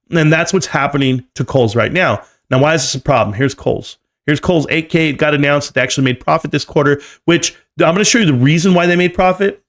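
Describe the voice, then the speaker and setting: A man giving live stream market commentary, emphatic and lecturing, often repeating key numbers. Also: fairly high pitch. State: coughing, choked up.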